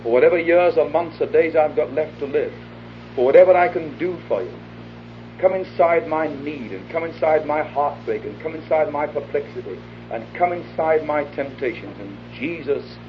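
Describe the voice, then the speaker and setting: A man preaching an evangelistic sermon, earnest, acting out little dialogues and dropping to an intimate hush for his appeal. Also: on the high side, lively intonation, normal speed. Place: hall before a live audience. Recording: dull lo-fi archive tape with faint hiss.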